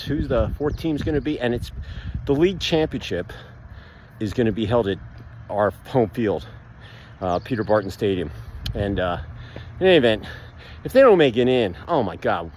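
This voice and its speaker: A man talking casually while walking outside, rambling with lots of fillers and animated outbursts, recorded on a phone. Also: mid-range voice, normal speed, slight background noise. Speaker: vlogger, builder. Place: outdoors, walking past a pool.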